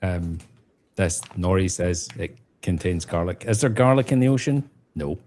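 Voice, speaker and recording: A man's voice: sits low, lively intonation, normal speed, darkish tone, a little hiss or hum. A man hosting a casual chat, asking pointed follow-up questions. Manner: inquisitive, asks follow-up questions.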